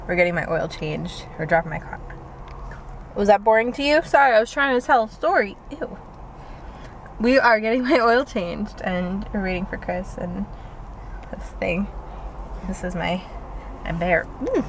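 A woman's voice: mid-range voice, moderate pace, long pauses, slight background noise. A young woman chatting casually and playfully for her vlog, often giggling. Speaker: vlogger.

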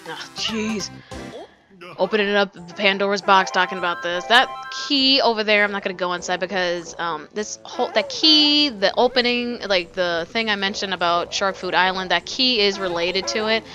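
A woman's voice: mid-range voice, moderate pace, music in the background. Rambling casual woman gamer. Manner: rambling, filler-heavy, swears casually. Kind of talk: casual let's play commentary.

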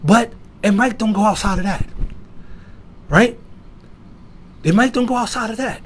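A man giving an emphatic sermon-style lecture, asking rhetorical questions and swinging from loud to quiet. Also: high-pitched, unhurried. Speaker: lecturer at an Islamic institute.

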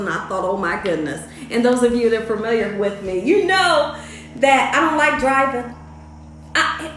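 A woman's voice: a little high, fairly bright tone, slight background noise. A woman hosting her own vlog, telling a family story in a chatty, faith-filled way. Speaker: cooking channel host. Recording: roomy echo.

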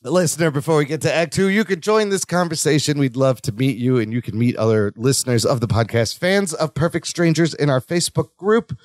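Guy cohost on a chatty podcast, kinda high voice, keeps chiming in, dry close mic. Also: no room sound. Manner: chimes in with quick agreeing remarks. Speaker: podcast co-host. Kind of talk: casual chat recapping a sitcom episode.

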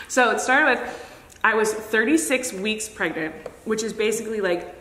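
A young woman hosting a casual eating chat, telling a long story in an animated way with many fillers. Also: fairly high pitch, measured pace, a little hiss or hum. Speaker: host. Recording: echoey room with long reverb.

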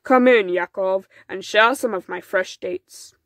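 A woman voicing a kind, gentle, wise old man from a village, speaking calmly in a storybook reading. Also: mid-range voice, moderate pace, no room sound, studio quality, close to an everyday voice. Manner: gentle, calm.

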